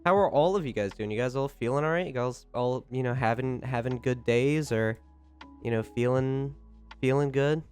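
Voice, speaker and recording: A young adult man streaming live, chatting casually and greeting viewers by name, recovering from a cold, with loud excited bursts when he thanks people. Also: medium pitch, normal speed, faint music behind.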